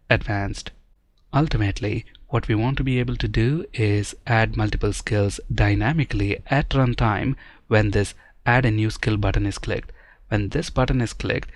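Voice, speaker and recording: A man's voice: fairly low pitch, dry recording. Methodical man teaching coding, dry sound. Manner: methodical, step-by-step explaining. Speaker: programming instructor. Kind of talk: screen-recorded coding tutorial.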